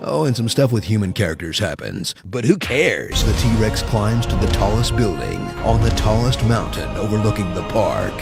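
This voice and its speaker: A man narrates in a gravelly, deadpan mock-epic trailer style. His low voice rises and falls a lot. Loud music plays behind him. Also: moderate pace, few pauses. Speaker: guest narrator.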